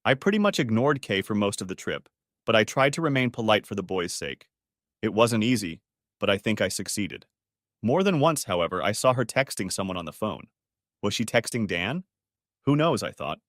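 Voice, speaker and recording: Bitter male story narrator, low voice, swings in pitch, dry close sound. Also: very animated, moderate pace, fairly bright tone, no echo. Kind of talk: first-person story narration.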